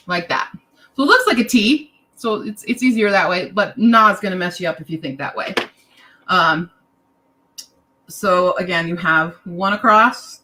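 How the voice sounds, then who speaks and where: A young woman leads a casual online lesson in a bright voice at an unhurried pace. She sounds tired and chatty, drifting into side remarks and making fun of herself. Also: mid-range voice, poor audio. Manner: chatty, self-deprecating, drifts into asides and laughs. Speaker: language teacher.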